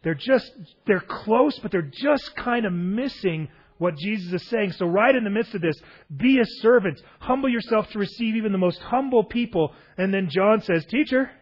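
A man with a somewhat high, husky voice preaching in a relaxed, conversational way. He retells a gospel scene, stopping often for rhetorical questions. The sound is a little dull and lo-fi. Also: normal speed, few pauses. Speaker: pastor. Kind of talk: sermon.

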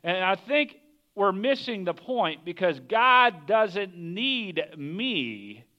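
A man's voice: sits high, big pitch swings, takes it slowly, muffled recording. A man preaching a conversational sermon, often asking the listeners questions. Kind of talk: casual sermon.

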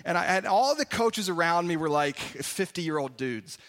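A man's voice: fairly high pitch, moderate pace, big-room sound. A middle-aged man preaching a sermon, telling stories with comic asides and acting out voices. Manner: animated storytelling, acts out voices, comic asides. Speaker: pastor.

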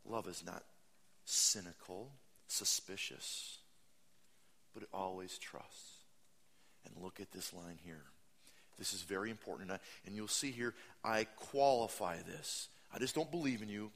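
Bright-voiced animated male pastor. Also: a little slow. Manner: animated, mocking voices in high pitch, swings loud and soft. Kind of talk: sermon.

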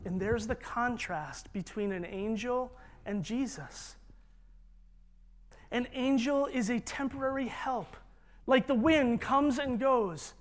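Slow, emphatic preacher. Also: mid-range voice. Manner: emphatic, leads congregation in repetition. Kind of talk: sermon.

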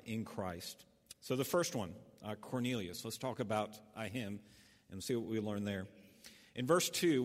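A man preaching a sermon as pastor, telling a folksy story with lots of fillers and restarts. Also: fairly low pitch. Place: church sanctuary. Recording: church hall reverb.

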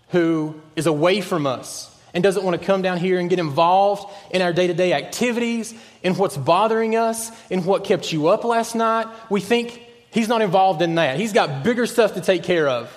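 A man preaching a sermon as pastor, earnest, sometimes dropping to a hushed voice on key points. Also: high voice, normal speed, big-room sound.

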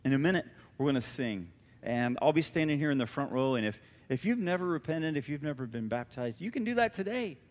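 A man preaching a sermon as pastor, animated and emphatic with a conversational touch, in a church. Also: fairly high pitch, brisk, long reverb tail. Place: church sanctuary.

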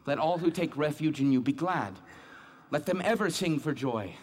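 Playing a pious, tormented man alone with his scripture, an actor reads aloud and repeatedly questions his guilt and faith, his tone searching and full of self-doubt. The voice sits a little high, with lively intonation at a normal speed. It is a dramatic monologue.

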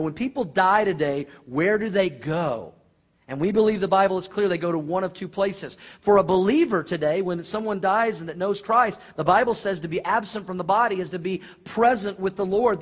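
A male pastor preaching a sermon, earnest, with animated storytelling and questions to the congregation. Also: fairly high pitch. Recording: dull lo-fi sermon recording.

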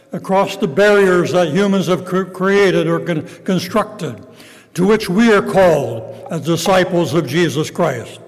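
An older male pastor preaches slowly and reflectively, his voice sitting fairly high. The sound carries a long hall reverb, as if recorded in a large church. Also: a little mellow. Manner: reflective, measured preaching with pauses. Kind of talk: sermon.

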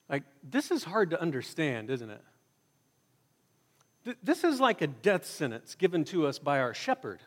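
A man with a fairly high voice preaches a sermon to his congregation. He talks conversationally and puts strong emphasis on key points, and his jokes come out wry. His voice carries through a hall with a long reverb. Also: wildly swooping pitch, normal speed. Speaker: pastor. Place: church hall before a congregation.

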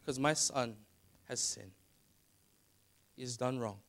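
A middle-aged man preaching a sermon as pastor, building to loud emphatic passages. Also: medium pitch, slow.

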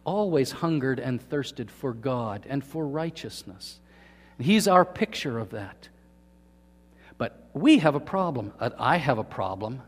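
A man preaching a sermon to his congregation, asking them questions and swinging from quiet to emphatic. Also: mid-range voice, in a large hall. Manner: asks the congregation questions, swings between soft and loud. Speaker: pastor. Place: church hall.

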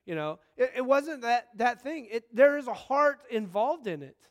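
A man in his thirties delivers a sermon in a high, light voice. He talks to the congregation like a friend, telling stories and breaking into sudden excited bursts. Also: normal speed. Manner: conversational, animated storytelling with sudden bursts of excitement. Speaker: pastor.

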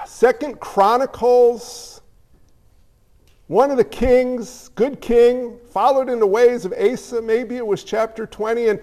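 Taking his time, a high-voiced pastor delivers a relaxed, chatty sermon full of jokey asides and little acted-out conversations. His speech resonates with the lengthy echo of a church hall.

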